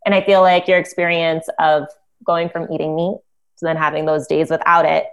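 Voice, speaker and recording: A woman's voice: deep voice, level tone, normal speed. A woman hosting a podcast who responds with enthusiasm and asks her guest questions in a casual chat. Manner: enthusiastic, affirming reactions. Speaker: podcast host.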